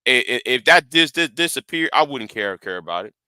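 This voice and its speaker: Animated, bright-voiced man, halting chat. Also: mid-range voice, clear, resonant tone, no echo, poor audio. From Texas. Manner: halting, many repeated words and fillers. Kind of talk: casual chat.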